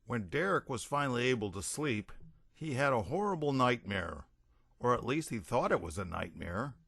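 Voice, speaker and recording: A man's voice: mid-range voice, sing-song, moderate pace, gravelly, a bit bright, husky, no room sound, studio quality. A man narrating a comic science-fiction audiobook in a wry storytelling manner. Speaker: audiobook reader.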